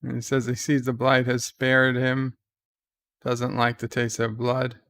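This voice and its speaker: A man giving casual live commentary on a TV episode, loosely recapping scenes and reading viewer chat questions aloud, thinking out loud as he answers. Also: mid-range voice, completely flat delivery, unhurried, no echo. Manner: thinks out loud with fillers and restarts.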